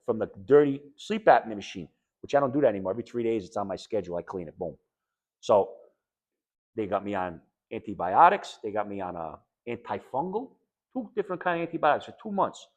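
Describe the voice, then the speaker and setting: A middle-aged man with a New England accent speaks straight to a room of listeners about what he has lived through. His delivery is blunt and emphatic, with plain everyday phrasing. His pitch sits in an ordinary middle range. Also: lo-fi sound. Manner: blunt, emphatic, conversational, quotes others in animated voices. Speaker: patient speaker sharing his story. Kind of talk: candid personal talk to an audience.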